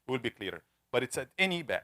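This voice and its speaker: A man teaching a classroom lesson, asking students questions and slowly repeating sounds to demonstrate pronunciation. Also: medium pitch, big pitch swings, pushed and bright. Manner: conversational, asks the class questions. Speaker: Quran recitation teacher.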